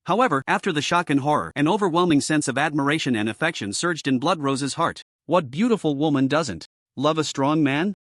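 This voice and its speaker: A man narrating a fantasy story recap in an animated, dramatic manner. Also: a little high, a little fast, no echo, clean studio sound.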